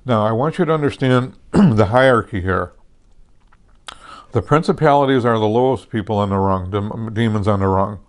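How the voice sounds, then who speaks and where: A man pastor teaching a sermon in a conversational way, often asking "amen?" and "okay?", with many restarts and self-corrections. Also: medium pitch. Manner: conversational, repeats "okay" and "amen" checks with listeners.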